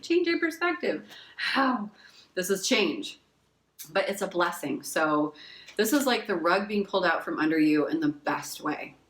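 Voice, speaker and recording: Woman, tarot reader, lowish voice, effusive, casually swearing, roomy room. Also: a bit bright. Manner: reads oracle card messages aloud. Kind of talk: casual pick-a-card tarot reading.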